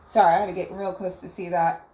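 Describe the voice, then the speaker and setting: A woman's voice: lowish voice, flat delivery, fast, warm tone. A woman hosting a casual livestream, reading viewer messages aloud and musing on them. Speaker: livestream host. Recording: roomy echo.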